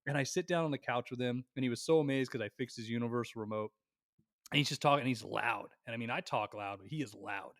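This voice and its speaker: A young man on a podcast, telling a long family story in a lively, animated way and swearing freely. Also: medium pitch, fast talker, no room sound, studio quality. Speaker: podcast co-host. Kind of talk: casual storytelling chat.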